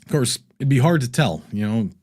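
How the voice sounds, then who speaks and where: A livestream host with a medium-pitched, darkish voice, a breathy edge, and lively intonation talks briskly. He keeps things loose and rambling, reading viewer comments aloud and laughing frequently.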